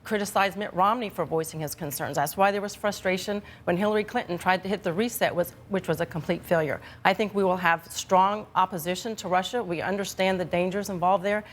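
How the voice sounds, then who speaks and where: A woman giving her views as a commentator on a TV panel, brisk and assertive. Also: on the low side, a little hiss or hum. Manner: brisk, assertive, talking-point delivery. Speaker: political commentator. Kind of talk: panel debate. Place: television studio.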